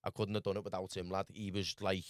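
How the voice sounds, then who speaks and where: A Scouse man from Liverpool spins a loose, rambling story as a podcast guest, dropping "lad" into nearly every line. His voice sits fairly low, and the sound is dry and close. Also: little pitch movement, quick pace, no room sound. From Liverpool, England. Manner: rambling, full of "lad" and "do you know what I mean". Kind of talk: casual storytelling.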